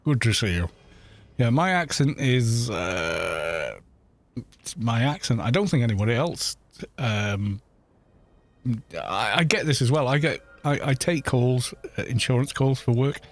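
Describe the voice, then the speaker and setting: A man's voice: mid-range voice, expressive, unhurried. A middle-aged man with a London accent, chatting in a rambling way with viewers while he streams a game. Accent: London English. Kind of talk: casual chat while gaming.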